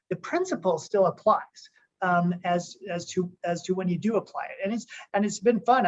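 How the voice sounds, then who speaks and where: A man, a company co-founder, giving an upbeat conference call pep talk, rambling with frequent restarts. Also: high voice. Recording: muffled lo-fi call audio.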